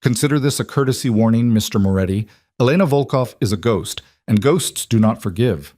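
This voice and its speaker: A man's voice: mid-range voice, expressive, a little fast, warm tone, no echo, studio quality, natural voice. A man reading the lines of a cold Russian mobster messenger who delivers a menacing, formal warning.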